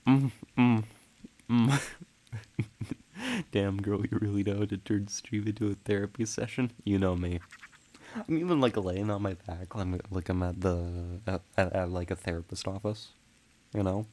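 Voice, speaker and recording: A man on a casual game livestream, talking to viewers in a low voice. He drawls along at an unhurried pace. His talk rambles and keeps breaking into giggles. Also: a little mellow. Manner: rambling and giggly, laughing often; chats with viewers while playing. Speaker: streamer.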